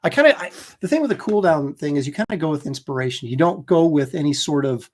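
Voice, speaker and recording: Guy hosting a live stream, kinda higher voice, jokey rambling stories. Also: animated, fast, a little mellow. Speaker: host. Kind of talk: casual livestream chat.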